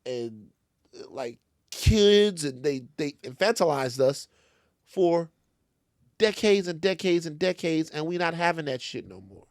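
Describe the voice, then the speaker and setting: This podcast co-host, a Louisiana man with a voice on the high side, talks at a measured pace in a casual studio conversation. Recorded dry at studio quality, he tells an animated story full of curses and imitated voices.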